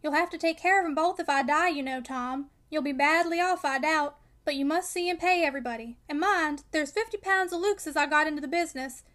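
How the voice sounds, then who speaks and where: A woman's voice: high voice, a little fast, hardly any pauses, a bit bright. A woman reading as an irritable old male miller, sick in bed, who speaks sharply and impatiently. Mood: anxious.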